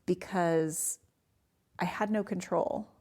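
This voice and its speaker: A woman in her forties telling her own story in a casual podcast interview, animated and acting out the people she quotes. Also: on the low side, takes it slowly. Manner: animated, acts out voices in her stories. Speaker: guest.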